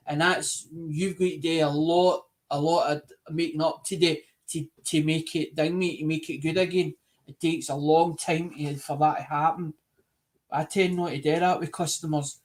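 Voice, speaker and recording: A man's voice: on the high side, steady tone, normal speed. A Scottish man hosting a live stream, chatting casually in an earnest, rambling way and often repeating himself.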